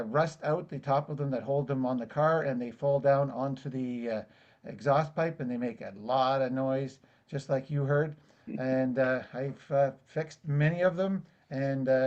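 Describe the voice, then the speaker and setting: A man who runs a car repair business, giving an easygoing, casual pitch at a networking meeting. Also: darkish tone. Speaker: car repair and dash camera business owner. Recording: dull lo-fi online meeting audio.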